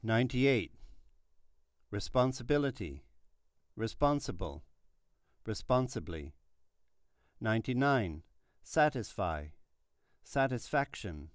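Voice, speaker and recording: A man reading numbered word lists aloud for a pronunciation lesson, slowly and deliberately, each word clearly articulated. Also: on the low side, no room sound, studio quality. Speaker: pronunciation teacher.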